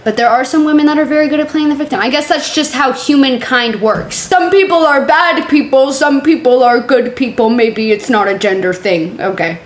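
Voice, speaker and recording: A woman hosting a casual reaction video, chatty and profane, with quick sarcastic asides. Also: high-pitched, roomy sound.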